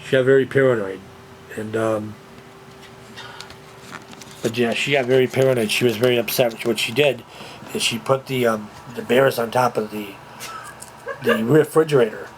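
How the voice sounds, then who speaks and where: A man's voice: mid-range voice, fairly even intonation, normal speed, long pauses, a little hiss or hum, low-quality recording. A man talking casually to camera at home, rambling and repeating himself with lots of fillers. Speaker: vlogger. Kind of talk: casual home video chat. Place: at home, indoors. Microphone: handheld camera, moving about.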